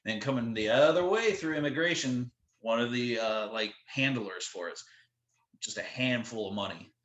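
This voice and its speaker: A man's voice: medium pitch, normal speed, a bit bright, roomy sound. A man who works as a touring drum tech, telling a story as a guest in casual chat, rambling with lots of "like" and quoted asides.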